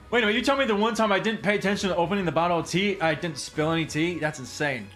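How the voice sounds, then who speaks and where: Hyped guy streaming a game, bright punchy voice, rambles n repeats himself, faint music behind. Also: high voice, fast. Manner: excitable and rambling, repeats himself, laughs often. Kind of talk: casual gameplay commentary.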